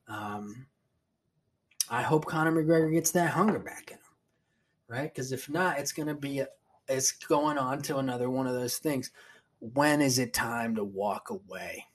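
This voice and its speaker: A man's voice: mid-range voice, slightly rough. A man hosting his own podcast alone, rambling casually, swearing a lot and restarting sentences. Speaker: podcast host. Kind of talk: solo casual chat.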